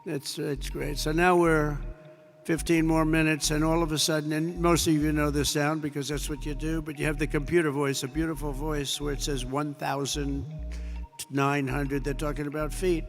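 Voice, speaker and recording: A man's voice: on the high side, level tone, brisk, in a large hall, faint music behind. A man in his seventies from the United States, giving an off-the-cuff speech to troops and rambling through anecdotes packed with repeated superlatives. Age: 70s. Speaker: president addressing troops. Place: large hall at a military base.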